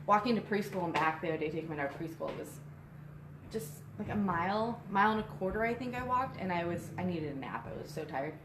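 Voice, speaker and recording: A woman's voice: on the low side, lively intonation, quick pace. A young woman chatting casually on a live stream as co-host, out of breath and rambling with lots of fillers. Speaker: co-host and shop co-owner. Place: inside a small shop. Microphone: phone on a tripod. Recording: echoey room with faint noise.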